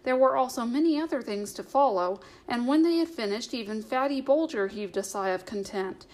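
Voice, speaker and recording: Woman calmly narrating a storybook. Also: fairly high pitch, moderate pace, poor audio. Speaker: audiobook reader.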